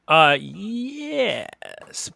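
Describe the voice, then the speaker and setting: Guy on a podcast rambling and joking about an anime, lively up and down voice, dry close sound. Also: sits high, very slow, creaky, dry recording. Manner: rambling, jokey, lots of "like" fillers. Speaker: podcast co-host. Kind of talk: casual chat recapping an anime.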